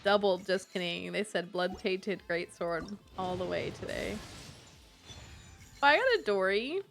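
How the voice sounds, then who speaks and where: A woman's voice: mid-range voice, animated, measured pace, gravelly. A young woman streamer chatting casually to her live audience, giggling and answering chat as she plays. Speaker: Twitch streamer.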